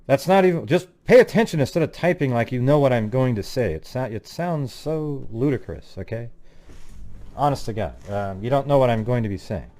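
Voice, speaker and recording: A man's voice: medium pitch, expressive, fairly quick, darkish tone. A man hosting a livestream in rambling casual chat, irritably scolding his chat and losing his train of thought. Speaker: livestream host.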